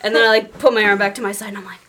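A woman casually telling an animated story, laughing often and acting out what people said. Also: medium pitch, very fast, a little hiss or hum. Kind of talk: casual chat.

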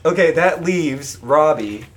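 A man's voice: fairly high pitch, animated, slow. A man running a casual tabletop game as game master, joking and laughing often.

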